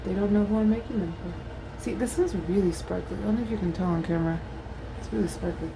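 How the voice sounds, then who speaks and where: Woman vlogger, mid pitch, loose self-mocking chatter with swearing, noisy home recording. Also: quick pace, vocal fry. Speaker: beauty vlogger; mother of a toddler. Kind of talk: casual chat while doing makeup.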